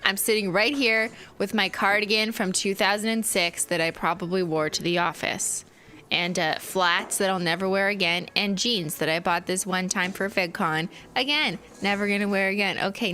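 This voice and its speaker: A woman's voice: mid-range voice, bright, forceful tone. A woman with a Canadian accent hosting a live game stream, giggling, swearing and mimicking characters.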